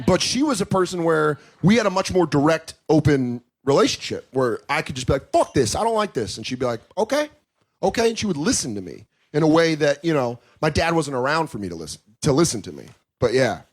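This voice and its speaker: A man in his thirties with a slightly high voice talks briskly, barely pausing. He's a comedian guest on a podcast, speaking candidly and telling animated, profane stories full of swearing and acted-out quotes in different voices.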